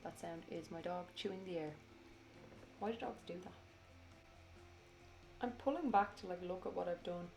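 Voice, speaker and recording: A tired woman rambles through a casual voiceover for her craft video. Her voice sits a little low. She swears freely and pokes fun at herself as she goes. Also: moderate pace, long pauses, a little mellow, faint music behind.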